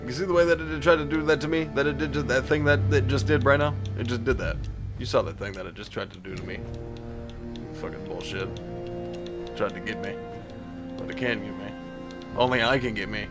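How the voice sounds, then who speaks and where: A man's voice: mid-range voice, brisk, long pauses. Man, gameplay commentary, rambling, swears a lot, jokey self-talk, game music behind. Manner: rambling, profane self-talk with joking asides. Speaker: gameplay streamer. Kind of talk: casual let's-play commentary.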